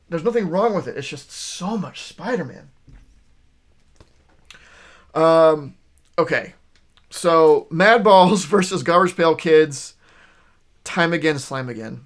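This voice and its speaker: A man's voice: a little high, a bit bright. A man casually reviewing a stack of new comic books, rambling and enthusiastic, with lots of fillers and restarts. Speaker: comic shop video host.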